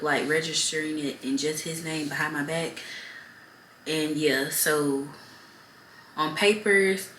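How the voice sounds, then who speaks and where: A woman's voice: low-pitched, fairly bright tone, slight background noise. A young woman vlogger speaking frankly and heavily to her viewers, telling a personal story straight to camera. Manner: frank, heavy-hearted, addresses viewers directly. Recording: roomy echo with faint ambience.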